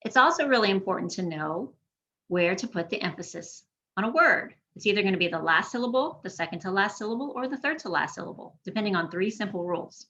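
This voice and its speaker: A woman teaching a pronunciation lesson online, modeling words slowly and deliberately for learners to repeat. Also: mid-range voice, expressive, fairly bright tone, lo-fi sound. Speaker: Spanish teacher. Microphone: screen-share recording.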